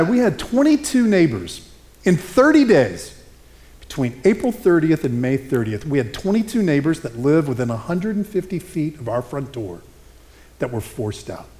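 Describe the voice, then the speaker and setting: A middle-aged male pastor preaching a sermon, telling stories in an animated, conversational way. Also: a little high.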